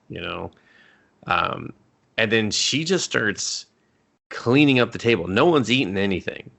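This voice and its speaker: Male podcast co-host, low gravelly voice, loose rambling recap, acts out lines. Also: lively intonation, a little slow, a bit bright. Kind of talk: casual movie review chat.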